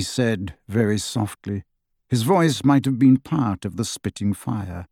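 A man's voice: fairly low pitch, animated, unhurried, gravelly, warm tone, slightly rough, dry recording. Man reading a story dramatically, dry sound. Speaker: audiobook narrator. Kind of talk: scripted narration.

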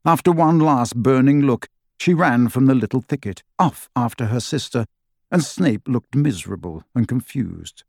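A man narrating a story aloud with lively, shifting intonation. His voice sits at a medium pitch. The recording is close and dry. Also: gravelly, dry recording. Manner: expressive, measured storytelling. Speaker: audiobook narrator. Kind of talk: scripted narration.

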